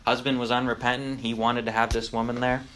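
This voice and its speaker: A man's voice: medium pitch, flat delivery, brisk, a bit bright. A young man teaching Sunday school, telling a story in a chatty, conversational way with asides. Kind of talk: casual storytelling lesson.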